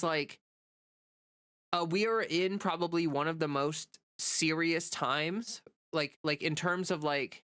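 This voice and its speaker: Her voice sits low, a bit bright, clear and resonant, yet stuffy and nasal from a cold. This livestreamer and content creator rambles chattily with many fillers, reading out viewer comments in casual conversation.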